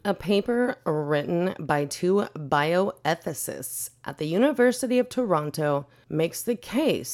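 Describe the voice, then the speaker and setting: A woman's voice: lowish voice, darkish tone. A woman hosting a podcast, ranting in a blunt, profane, indignant way. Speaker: podcast host.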